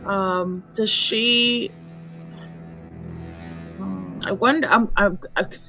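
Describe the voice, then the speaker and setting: A woman's voice: medium pitch, steady tone, takes it slowly, gravelly, pushed and bright, soft background music. A woman playing a tabletop game, chatty and musing as she thinks aloud. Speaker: player.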